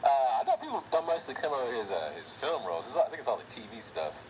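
A man's voice: mid-range voice, very animated, quick pace, noisy background. A man co-hosting a podcast, laid-back and laughing often, giving short profane replies in casual chat. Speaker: podcast co-host.

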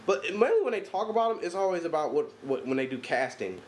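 A man in casual podcast chat, his voice swinging lively up and down as he tells profane, joking stories. There is a faint hiss of noise behind him. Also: fairly high pitch, quick pace. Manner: loose, joking, slangy storytelling. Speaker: podcast co-host.

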